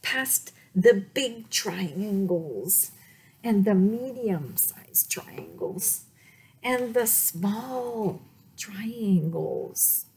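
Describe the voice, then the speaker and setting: A woman reading a picture book aloud at storytime, slow and playful, often dropping to dramatic whispers. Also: mid-range voice, animated, a little mellow, slightly rough. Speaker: children's librarian reading aloud.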